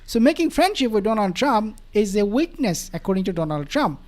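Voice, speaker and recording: Animated, mocking male commentator. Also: high voice, fairly quick. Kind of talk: political commentary.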